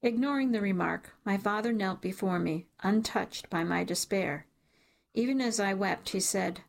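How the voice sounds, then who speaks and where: A woman narrating a first-person audiobook in an emotional, measured way. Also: medium pitch, gravelly.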